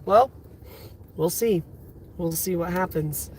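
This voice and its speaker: Young man, 20s, high-pitched, teary, emotional, casual live-stream chat, in a car. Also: slow, a little hiss or hum. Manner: emotional, overwhelmed, repeating exclamations. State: teary, near crying. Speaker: livestream host. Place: inside a parked car.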